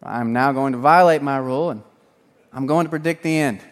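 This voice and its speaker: A man preaching a sermon as pastor, joking and lively, swinging between loud and hushed delivery. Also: medium pitch, fairly quick. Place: large church hall. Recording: sermon in a reverberant church hall.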